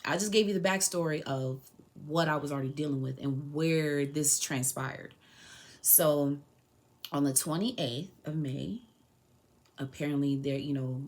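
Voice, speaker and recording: A young woman in her twenties with a low, full voice tells a personal story on her podcast. She speaks casually and with feeling, and acts out the lines of the people she is quoting. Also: unhurried. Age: 20s. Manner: emotional, animated retelling with quoted dialogue. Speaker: podcast host.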